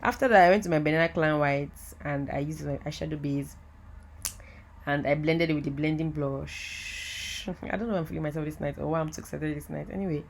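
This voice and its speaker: Lady doing a makeup voiceover, low voice, chatty and excited, keeps saying guys. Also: brisk, vocal fry, slight background noise. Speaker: makeup artist. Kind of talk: casual voiceover tutorial. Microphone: voiceover mic.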